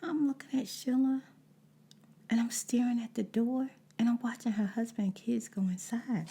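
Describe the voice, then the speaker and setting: A woman telling a story in a soft whispered ASMR voice while chewing gum and doing her makeup, talking casually to her listeners. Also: a little high, steady tone, moderate pace, slightly rough. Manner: chatty, addresses listeners as y'all.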